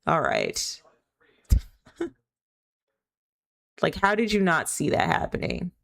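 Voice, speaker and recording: A woman's voice: mid-range voice, measured pace, fairly bright tone. A woman streaming live, talking in a rambling, candid, opinionated way, full of filler words. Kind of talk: casual chat while gaming.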